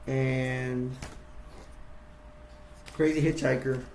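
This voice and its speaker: A man's voice: medium pitch, flat delivery, drawn-out words, a little mellow, reverberant, slight background noise. A man casually retelling a horror film scene by scene, rambling with restarts and acting out quotes in a raised voice. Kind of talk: casual acted-out retelling with toys.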